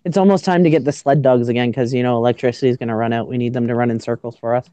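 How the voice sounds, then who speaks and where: With a rumbling low voice that's steady and mellow, a Canadian woman talks very fast while hosting a casual livestream outdoors in freezing weather. A little hiss or hum sits under her as she shivers, stutters, and laughs at her own giggly jokes.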